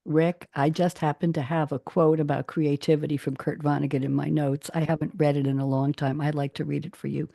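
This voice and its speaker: A woman hosting a radio talk show, chatting with guests in a lively, storytelling way. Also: low voice, fairly quick, vocal fry, hardly any pauses, no room sound, clean studio sound. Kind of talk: casual radio chat. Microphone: studio microphone.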